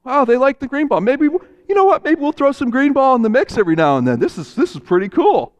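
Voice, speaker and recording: A man's voice: very high voice, very animated, fast talker, long reverb tail, pitched above the performer's own voice. A man voicing the mind as an observant male who thinks aloud and takes notes. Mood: impressed. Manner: pleasantly surprised, thinking aloud.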